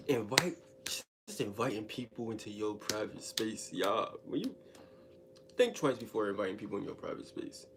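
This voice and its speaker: A man with a fairly low voice tells a personal story in a relaxed storytime style. He talks in loose slang and speaks straight to his listeners. His delivery is animated and conversational. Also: moderate pace, background noise. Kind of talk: casual storytime monologue.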